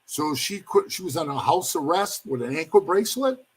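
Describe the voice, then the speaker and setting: A man with a husky, slightly high voice tells a rambling story in a casual interview. He keeps calling the listener "bro" and acts out the other people in the story in their own voices. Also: sing-song, moderate pace. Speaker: former motorcycle club member telling his story.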